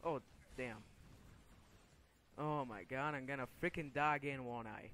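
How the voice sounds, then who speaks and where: A man's voice: medium pitch, unhurried, sharp tone, a little hiss or hum. Angry young man narrating gameplay. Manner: frustrated, swearing, easily angered outbursts. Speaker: gaming video creator. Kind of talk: gameplay commentary.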